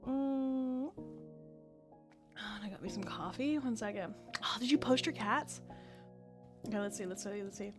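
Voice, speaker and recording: A woman livestreamer chatting casually with her viewers, excitable and chatty, swearing often. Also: mid-range voice, moderate pace, long pauses, faint music behind. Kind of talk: casual live-stream chat.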